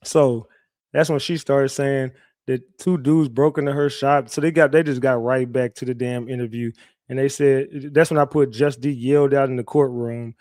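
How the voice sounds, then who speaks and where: A man hosting a livestream, animated and profane as he retells a court hearing with lots of restarts. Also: mid-range voice, moderate pace, no echo, clean studio sound. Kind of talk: casual livestream storytelling.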